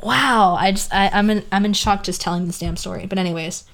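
A woman's voice: medium pitch, fairly even intonation, fairly quick, gravelly. A young woman hosting a podcast, ranting casually in an exasperated, sarcastic way, swearing freely and trailing off into asides. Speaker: podcast host.

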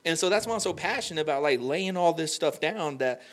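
Animated young man, emotional storytelling. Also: fairly high pitch, fairly quick. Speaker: podcast guest. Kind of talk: candid faith conversation.

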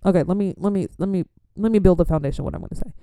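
A young woman from an immigrant family, talking in a chatty, animated way as she gives faith-based life advice and laughs often. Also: on the low side, very fast, smooth, dry recording, studio quality. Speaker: Christian vlogger. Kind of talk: casual advice talk.

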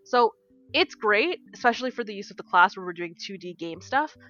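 A woman with a bright, clear voice tells a story on a casual podcast. She is animated, swears freely and acts out the dialogue herself. The recording sounds a bit dull and lo-fi. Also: mid-range voice, brisk. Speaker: podcast co-host and game design teacher.

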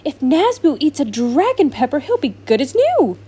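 An earnest, knowing girl genie from a storybook, voiced by a woman reading aloud. She explains things with patient confidence. Her voice rides high with lively rises. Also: moderate pace.

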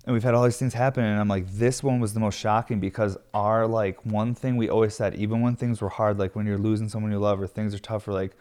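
A man's voice: on the low side, level tone, fast talker, few pauses, darkish tone. A stressed man talking candidly in a casual vlog, rambling with lots of fillers and swearing freely. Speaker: glass studio owner.

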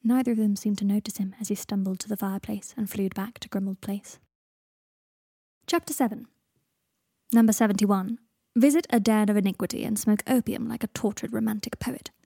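A woman reading a story aloud as narrator, steady and measured. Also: mid-range voice, gravelly, husky, no echo, studio quality. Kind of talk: audiobook reading of fan fiction.

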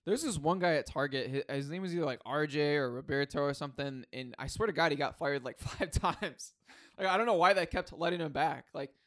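A man's voice: fairly high pitch, fairly quick, fairly bright tone. A young man co-hosting a podcast, chatting in an easygoing way full of fillers. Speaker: podcast co-host. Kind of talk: casual chat.

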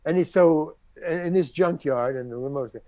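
In a relaxed interview, an older man who works as a character actor recounts a career anecdote with animation, voicing the people he quotes. He speaks at a normal speed in a slightly high voice, recorded without echo.

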